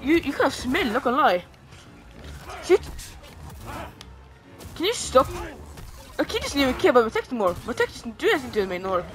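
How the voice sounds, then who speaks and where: A woman giving casual commentary on her own gameplay, reacting out loud, pleading with and taunting the enemy, and swearing now and then. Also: sits high, very animated, fairly quick, pauses often, soft background music. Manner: reactive, pleading and groaning at the game. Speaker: gamer streaming a playthrough.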